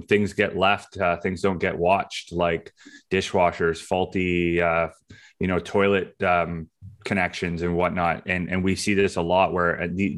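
Man, low deep voice, podcast co-host, practical advice, casual. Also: a bit bright. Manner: practical, advisory, with frequent restarts. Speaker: podcast co-host, real estate advisor.

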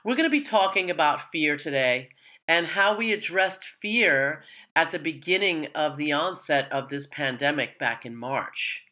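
A woman hosts a casual podcast, her low voice still ringing bright and forward. She chats loosely, wandering through her points with fillers and little laughs. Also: low-quality recording. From New York / New Jersey area. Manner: chatty, rambling with fillers and occasional laughs. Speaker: podcast host.

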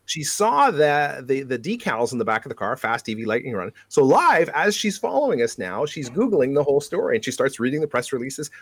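A man from Canada in casual conversation, telling animated road-trip stories and laughing often. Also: a little high, breathy edge, no room sound. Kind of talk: casual chat.

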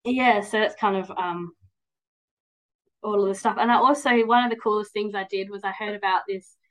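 A woman's voice: medium pitch, steady tone, moderate pace, low-quality recording. A woman, talking candidly and at length as a podcast guest, with many "like"s and "um"s. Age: 30s. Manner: candid, rambling, frequent "like" and "um". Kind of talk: casual interview chat.

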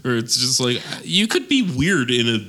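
A man's voice: mid-range voice, very animated, moderate pace, sharp tone. A man co-hosting a casual chat, rambling and wry, often restarting his sentences. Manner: rambling, self-correcting, wry. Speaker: podcast co-host.

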